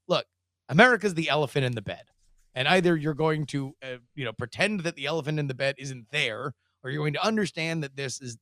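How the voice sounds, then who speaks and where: American male host, somewhat high voice, halting speech with lots of uhs, dry close sound. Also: fairly bright tone, dry recording. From United States. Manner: halting, many fillers and restarts. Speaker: show host. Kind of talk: casual podcast debate.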